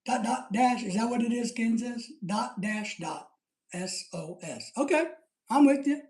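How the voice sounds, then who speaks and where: A man's voice: very high voice, measured pace, darkish tone. Man, middle-aged, live stream host, casual rambling chat, jokey, laughs often, roomy echo.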